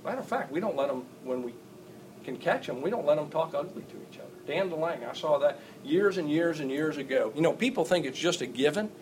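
A man's voice: fairly high pitch, animated, a little fast, a little hiss or hum, poor audio. Folksy middle-aged man teaching a class. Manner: rambling and folksy, with many fillers and restarts; chuckles often and turns wry and emphatic. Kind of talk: informal teaching talk to a class.

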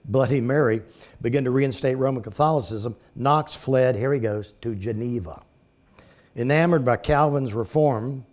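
A man teaching a class, reading from his notes and then breaking into relaxed, folksy asides. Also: mid-range voice. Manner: reads text aloud, then breaks into folksy conversational asides.

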